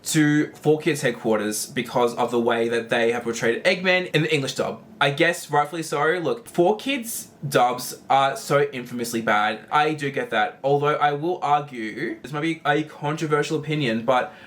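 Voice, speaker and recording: A man giving casual commentary while ranking animated shorts, rambling with lots of fillers and casual swearing. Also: medium pitch, moderate pace, few pauses. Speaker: video creator ranking animations.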